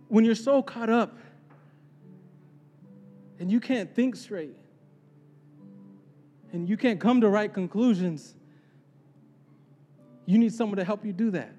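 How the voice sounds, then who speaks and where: High-voiced preacher in a reverberant hall. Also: male voice, a little mellow. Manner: earnest, repeats words when starting sentences. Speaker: pastor. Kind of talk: sermon. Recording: long reverb of a large hall.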